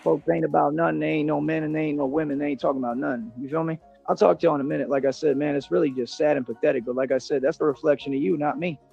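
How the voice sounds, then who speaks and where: A man in a played video clip, ranting and boasting in street slang, defiant toward his critics. His voice is gravelly and husky, pitched a bit high for a man, with faint music underneath. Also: steady tone, very fast, few pauses, darkish tone, lo-fi sound. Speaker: self-styled independent detective in a played video.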